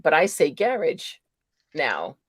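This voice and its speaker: Low-ish American woman co-host, chatty, dry close audio. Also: animated, moderate pace, creaky, no room sound. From United States. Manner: chatty, laughs often. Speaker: livestream co-host. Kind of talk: casual chat on a live stream.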